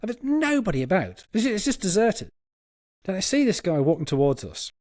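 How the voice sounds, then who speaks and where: Podcast panelist, lively storyteller, higher-pitched, close and dry. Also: male voice, brisk, dry recording. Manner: animated, laughing as he tells a story. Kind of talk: anecdotal storytelling.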